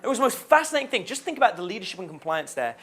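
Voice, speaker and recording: A young man coaching on dating, talking in an animated way and acting out the lines he suggests. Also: high voice, racing. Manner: animated, acts out quoted lines. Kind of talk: dating advice talk.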